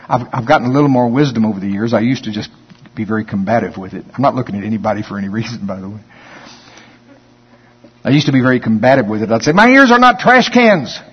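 A man pastor preaching a sermon in a church, reading scripture slowly and then commenting on it in a folksy, conversational way. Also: on the low side, breathy edge. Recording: long hall reverb, dull lo-fi sound.

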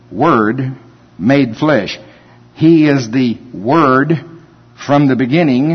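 A man preaching a sermon in a folksy way, reading scripture slowly and building to emphatic points. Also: fairly high pitch, husky. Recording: dull lo-fi recording with long reverb.

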